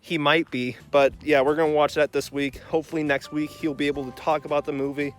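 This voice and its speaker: Young male podcast host, winded and fretful, slightly high voice, mock-worried rambling. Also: level tone, brisk, soft background music. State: out of breath. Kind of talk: comedic podcast intro.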